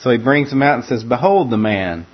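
A man's voice: mid-range voice, expressive, brisk, muffled recording. A man preaching a conversational sermon that walks through a scripture passage, often repeating words as he restarts his phrases.

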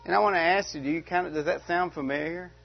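A man's voice: on the high side, fast, gravelly. A man preaching a sermon, stressing and repeating key words and lifting his voice on questions. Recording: dull lo-fi recording.

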